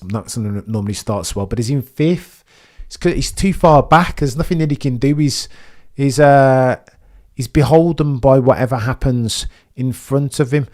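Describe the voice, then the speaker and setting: A young man hosting a live race watchalong stream, talking straight to his chat, quiet and nervous one moment, loud and excited the next. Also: mid-range voice. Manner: chatty, talks straight to his viewers; swings from hushed nervous mumbling to loud excited shouting. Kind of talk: live sports watchalong commentary.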